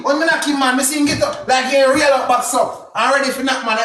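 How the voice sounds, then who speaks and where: A young man with a Jamaican accent telling a story casually, in a heavy patois with shouted exclamations. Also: extremely high pitch, normal speed, roomy sound, slight background noise. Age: young adult.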